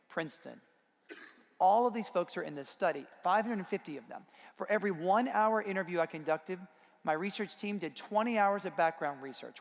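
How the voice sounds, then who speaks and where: A man's voice: on the high side, vocal fry. Man telling a story in a reverberant hall. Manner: anecdotal, self-deprecating storytelling. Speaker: conference speaker. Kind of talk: storytelling talk. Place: conference hall. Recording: long reverb of a large hall.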